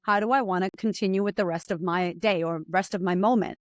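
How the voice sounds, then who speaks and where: Fast-talking, impatient woman guest. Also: mid-range voice, steady tone, no echo, clean studio sound. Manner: fast, impatient, acts out her inner voice. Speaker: podcast guest. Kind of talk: animated conversational storytelling.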